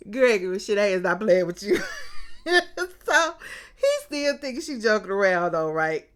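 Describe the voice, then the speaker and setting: This woman recaps a TV episode in a relaxed, colloquial, chatty way, addressing listeners as "baby" and "child" and laughing often. Her voice sits in the middle range, her delivery is slow with long pauses, and she's animated, stretching out her exclamations.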